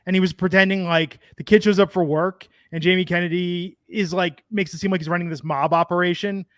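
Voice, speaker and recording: Co-host, male, high voice, dry close sound, rambling anecdotes with laughs. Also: fairly even intonation, fairly quick, fairly bright tone, dry recording. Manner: rambling storyteller, laughs often. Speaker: podcast co-host. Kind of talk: casual chat.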